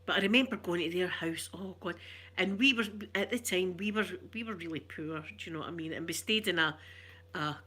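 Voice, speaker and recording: Middle-aged Glaswegian woman, ASMR stream host, soft rambling chat, bright voice. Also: on the low side, a little fast, husky. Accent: Glaswegian Scottish. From Glasgow, Scotland. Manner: soft-spoken, rambling, warm chatter with viewers. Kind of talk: chatty ASMR livestream.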